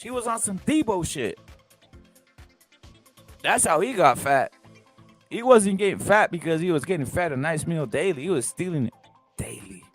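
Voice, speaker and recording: A man hosting a live boxing talk show with a fairly high voice, animated and profane. He keeps firing rhetorical questions at the chat and hammering the same points, with faint music under him. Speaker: host.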